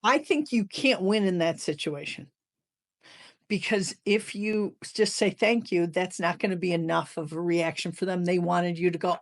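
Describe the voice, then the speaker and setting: A middle-aged woman cohosting a podcast, telling a personal story in a lively way and acting out what others said. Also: on the low side, moderate pace. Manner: animated storyteller, acts out quotes. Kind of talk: casual storytelling chat.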